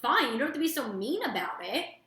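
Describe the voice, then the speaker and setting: A woman's voice: sits high, sing-song, brisk, fairly bright tone, pitched above the performer's own voice, exaggerated voice. A woman voicing a sulky young male bear in a storybook reading, whiny and defensive. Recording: roomy echo.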